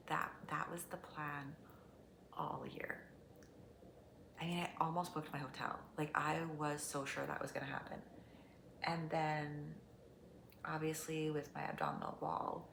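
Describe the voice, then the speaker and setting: A middle-aged woman vlogging casually, chatty and candid, often dropping into soft near-whispers. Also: low-pitched, vocal fry. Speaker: vlogger, fitness competitor. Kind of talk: casual vlog talk to camera. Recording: echoey room, faint background noise.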